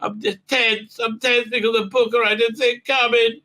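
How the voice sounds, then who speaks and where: A man's voice: very high voice, little pitch movement, moderate pace, bright, forceful tone, pitched above the performer's own voice, full character voice. A man putting on the voice of an anxious male starship doctor, talking in a whiny, self-reproaching way. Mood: fretful.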